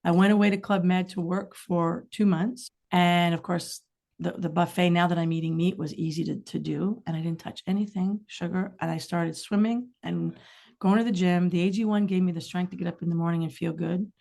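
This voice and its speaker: A woman's voice: lowish voice, a little fast, creaky. A middle-aged woman, a singer-songwriter guest, telling candid, rambling stories in a casual podcast chat. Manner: candid, rambling storytelling with lively asides.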